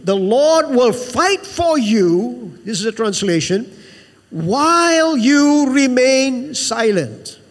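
A pastor with a very high-pitched voice preaches a sermon to a church, his words trailing off in a long reverb. He's emphatic and repetitive, calling out to the congregation for an amen.

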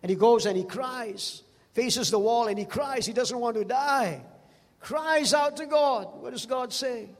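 A male preacher delivers a sermon in a high voice, telling the stories with emphasis. He calls out to the congregation, and his voice rings through a hall with a long reverb. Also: unhurried. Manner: storytelling, emphatic with call-outs to the congregation.

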